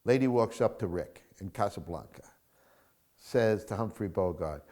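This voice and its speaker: A male screenwriter in an interview, talking in an animated storytelling way, acting out film scenes and swinging from hushed to loud. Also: fairly low pitch, fairly quick. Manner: acts out film scenes, mimics crowds, shifts from hushed to loud.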